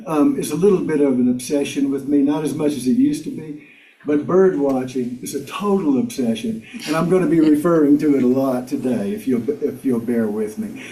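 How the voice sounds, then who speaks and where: A man's voice: on the high side, warm tone. An older man from South Carolina, a guest speaker telling personal stories to a congregation in a wry, self-mocking way, with chuckles and filler words. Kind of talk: storytelling talk to a congregation. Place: community meeting hall. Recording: roomy hall, voice from far off.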